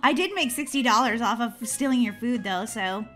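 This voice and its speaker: A woman hosting a gaming channel, chatting excitedly through a video game and squealing when she is chased. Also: a little high, normal speed, faint music behind. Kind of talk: playing a video game with commentary.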